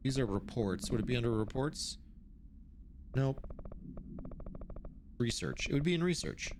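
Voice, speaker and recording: Lively joking man streaming a game. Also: medium pitch, moderate pace, long pauses, a little hiss or hum. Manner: joking, reacting aloud while reading in-game notes. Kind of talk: live gameplay commentary.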